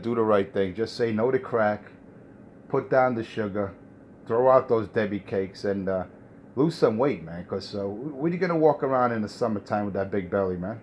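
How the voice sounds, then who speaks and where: A man's voice: on the low side, muffled recording, a little hiss or hum. Mocking man trash-talking on CB. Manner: mocking, lecturing, repetitive with "man". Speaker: CB radio operator. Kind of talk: trash-talking radio banter.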